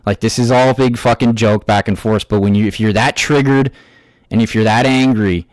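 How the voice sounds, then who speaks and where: A man's voice: fairly low pitch, steady tone, no echo. Angry, foul-mouthed man ranting, dry sound. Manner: angry, heavily profane ranting; halting, with restarts and fillers. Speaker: YouTube commentator. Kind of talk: ranting reaction commentary.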